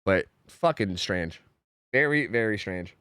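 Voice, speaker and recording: A young man streaming a game live, chatting with his viewers in a profane, excitable, rambling way. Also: lowish voice, measured pace, clear, resonant tone, no echo, studio quality. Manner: rambling with frequent restarts and fillers. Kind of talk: casual live-stream chat while gaming.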